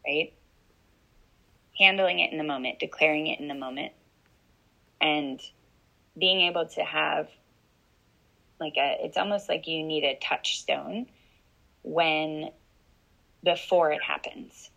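A woman coach explaining calmly as an interview guest, often checking in with "right?". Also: low-pitched, slow, creaky, pauses often, low-quality recording.

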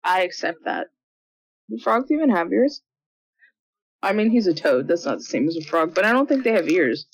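A woman's voice: fairly low pitch, big pitch swings, normal speed, long pauses, breathy edge, dry recording. A woman co-hosting a podcast, making wry, teasing remarks while watching a movie. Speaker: podcast co-host. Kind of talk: casual movie-watch commentary. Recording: dull lo-fi sound.

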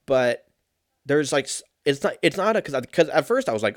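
A very animated man in his thirties talks at a moderate pace in a medium pitch, rambling casually, cursing frequently and ribbing himself. The recording is dry and studio quality.

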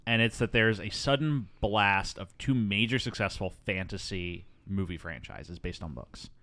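A man's voice: sits low, normal speed, bright, forceful tone, dry recording. A man hosting a casual movie podcast, chatty with frequent ums and asides. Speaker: podcast host.

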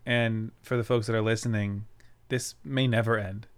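A man's voice: on the low side, fairly even intonation, moderate pace, clear, resonant tone. A man hosting a podcast in casual chat, tired and laid-back, laughing easily. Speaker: podcast host.

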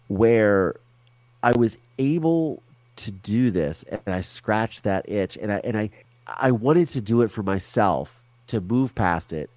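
A man's voice: fairly low pitch, a little mellow, no room sound. A man as an interview guest, talking candidly and animatedly in a casual conversation over a remote call, with frequent restarts and swearing.

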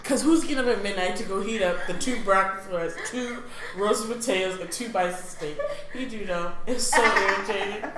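A woman co-hosting a casual chat, animated and slangy, acting out stories loudly. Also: mid-range voice, a little fast, few pauses, noisy background. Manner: animated storyteller, slangy, acts out quotes loudly. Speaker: podcast co-host. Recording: echoey room.

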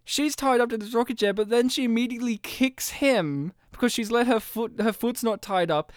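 A podcast co-host retells a film in a casual movie review chat, laughing often and doing animated imitations of the characters. Her voice is on the high side at a normal speed, and the recording is dry and studio quality.

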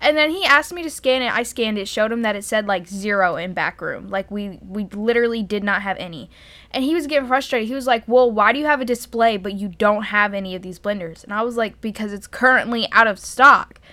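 Bright-voiced young woman telling stories. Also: medium pitch, brisk, no room sound. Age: young adult. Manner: profane, exasperated storytelling with frequent laughs. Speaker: podcast co-host. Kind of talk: casual storytelling chat.

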